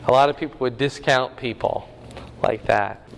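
A man's voice: medium pitch, moderate pace, creaky, in a large hall, a little hiss or hum. A man preaching a sermon, teaching the meaning of Greek words with rising emphasis. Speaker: pastor.

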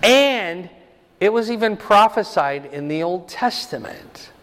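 A man teaching a Bible lesson verse by verse, explaining slowly and checking in with "right?" and "okay?". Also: sits high, lively intonation, fairly bright tone, long reverb tail.

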